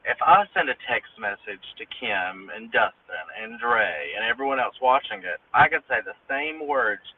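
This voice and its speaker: A man's voice: medium pitch, animated, normal speed, hardly any pauses, slightly rough. A man chatting casually in a support group stream, thinking aloud with many fillers. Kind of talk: casual livestream chat. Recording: distant tinny phone line with faint noise.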